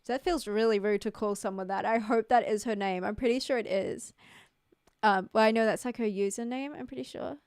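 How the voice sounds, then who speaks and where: A woman's voice: on the high side, a little fast, darkish tone, clean tone, dry recording, studio quality. Rambling young New woman streaming. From New Zealand. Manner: rambling, filler-heavy, giggly. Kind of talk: casual livestream chat.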